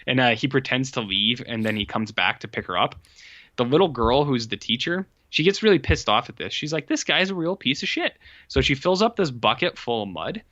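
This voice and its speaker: Speaking a bit fast and with plenty of animation, this man rambles through a casual movie recap as a podcast co-host, leaning heavily on fillers like "like" and "uh." His mid-pitched voice sounds slightly bright, captured dry on lo-fi audio.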